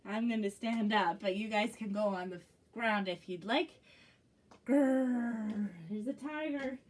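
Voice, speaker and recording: A woman's voice: medium pitch, a little slow, a little hiss or hum. A woman librarian leading young children through animal games and action rhymes in a cheerful sing-song manner. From Canada. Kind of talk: children's music and movement class. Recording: distant from the mic.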